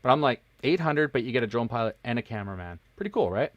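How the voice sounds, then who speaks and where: A man's voice: medium pitch, animated, fast, dry recording, dull audio. A man co-hosting a live podcast from home, chatting casually and joking as he thinks aloud. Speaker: podcast co-host. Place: home in Japan, streaming live.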